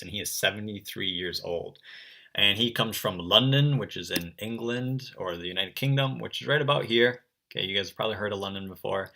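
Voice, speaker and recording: Young guy art teacher, low voice but really bright and sharp, chatty with kids, lots of ums. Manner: relaxed and chatty, full of um and kinda. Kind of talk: online art lesson for children.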